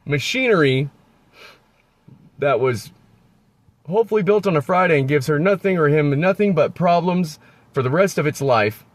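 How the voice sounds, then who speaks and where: A man's voice: on the high side, lively intonation, normal speed, pauses often, dry recording. A man ranting in a rambling, profane, sarcastic way in a casual vlog, filming on his phone outdoors in a parking lot. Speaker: vlogger.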